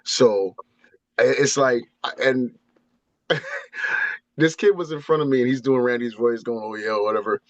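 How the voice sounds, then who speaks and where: A man, a guest on a wrestling talk show, telling animated stories and breaking into impressions. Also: medium pitch, unhurried, pauses often, no echo, dull audio. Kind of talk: casual storytelling.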